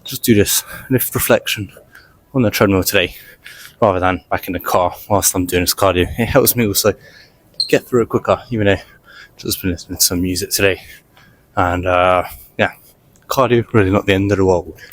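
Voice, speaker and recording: A man's voice: sits low, moderate pace, slight background noise. A man talking casually to the camera while walking on a gym treadmill, a little out of breath, rambling with many fillers. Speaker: fitness vlogger.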